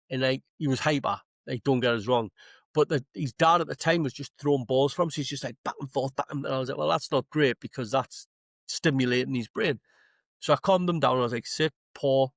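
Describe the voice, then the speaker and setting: A Geordie man, a comedian, spinning long stories on a podcast with plenty of swearing and acted-out lines. His voice sits at an ordinary middle pitch. The sound is dry and close, with no room around it. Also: no room sound. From Newcastle, England. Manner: swearing, animated anecdotes with acted-out quotes. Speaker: stand-up comedian, podcast guest. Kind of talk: casual podcast chat, storytelling. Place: podcast studio.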